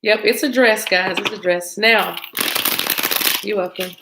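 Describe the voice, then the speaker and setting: A woman's voice: medium pitch, fairly even intonation, measured pace, very noisy. An American woman hosting a tarot live stream, chatting casually with viewers, greeting them and laughing often as she shuffles cards.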